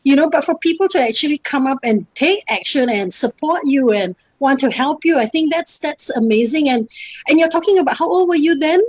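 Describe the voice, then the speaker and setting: A woman co-hosting a casual online talk show, lively and agreeable, often laughing, on a video call. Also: sits high, a little fast, no echo. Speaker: co-host.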